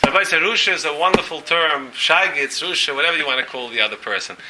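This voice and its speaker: A man's voice: fairly high pitch, fast talker, background noise. A man giving a Talmud lecture as rabbi to a class, talking emphatically and firing questions at the room. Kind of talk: Talmud lecture with interjections from students.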